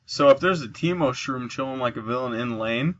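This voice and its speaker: Sleepy and yawning, a gameplay commentator gives chatty let's play commentary in a mid-range voice, a little fast, over lo-fi sound. He explains the mechanics and his moves, breaking into excited cheers at his kills.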